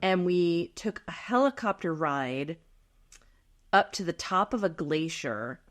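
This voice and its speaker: A woman's voice: lowish voice, lively intonation, takes it slowly. A woman in her fifties co-hosting a podcast in casual chat, chatty, laughing often and trailing off with ums. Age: 50s. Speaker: podcast co-host.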